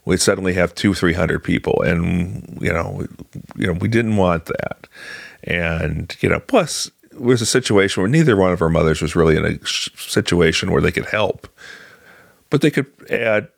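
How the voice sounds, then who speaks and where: A man in his thirties or older from Illinois, telling a personal faith story casually, halting with fillers and restarts. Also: sits low, creaky, no room sound, studio quality. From Illinois, USA. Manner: conversational, halting with fillers and restarts, voices other people in quotes.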